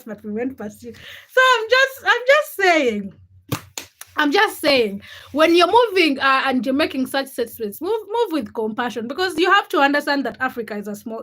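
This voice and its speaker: A young woman in her twenties hosting a livestream, speaking her opinions in an outspoken, animated way and greeting viewers from the chat. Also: high voice. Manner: outspoken, animated, thinks aloud with restarts. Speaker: livestream host. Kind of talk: casual livestream chat, reading viewer comments.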